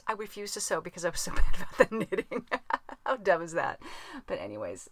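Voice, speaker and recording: A woman's voice: mid-range voice, bright, forceful tone, no echo. A woman hosting a podcast in casual chat, rambling and laughing at herself, recorded in a small closet. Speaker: podcast host.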